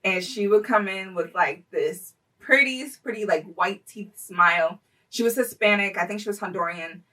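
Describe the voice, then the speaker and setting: A chatty young woman tells a story-time vlog, her voice bright and forward. She leans on fillers and laughs often, and she sits a little back from the mic. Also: mid-range voice, moderate pace, recorded from a distance, low-quality recording. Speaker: vlogger telling a personal story.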